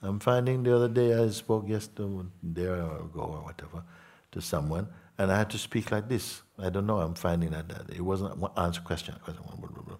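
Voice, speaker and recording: Man, deep voice, husky, spiritual teacher, slow, soft-spoken, repetitive. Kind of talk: spiritual talk to listeners.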